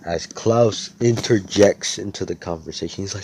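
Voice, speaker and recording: Young man, casual fan-story narrator, low voice, rambling and profane. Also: moderate pace, darkish tone, a little hiss or hum. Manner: rambling, profane, filler-heavy. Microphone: computer headset or desk mic.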